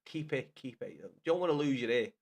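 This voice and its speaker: A man's voice: medium pitch, lively intonation, brisk, gravelly, a little mellow. A man streaming live, rambling and swearing, laughing a lot and talking to viewers by name. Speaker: livestreamer. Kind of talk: casual live stream chat.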